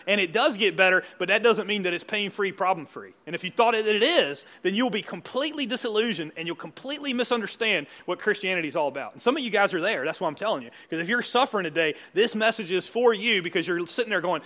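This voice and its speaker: Man, pastor, sermon in church, high voice, bright and forceful, chatty, quizzes the congregation. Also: lively intonation, fast. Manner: conversational, quizzes the congregation with frequent questions. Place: church service before a congregation.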